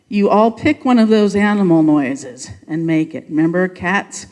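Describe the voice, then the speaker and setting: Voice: medium pitch, lively intonation, moderate pace, few pauses, big-room sound. Upbeat church pageant narrator. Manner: upbeat, coaxing the congregation. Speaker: pageant leader. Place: church sanctuary.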